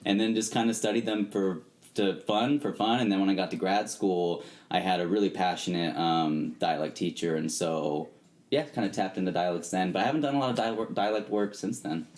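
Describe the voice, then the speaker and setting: Deep-voiced, halting male actor. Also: darkish tone. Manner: halting, laughs often. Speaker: actor guest. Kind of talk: casual podcast chat.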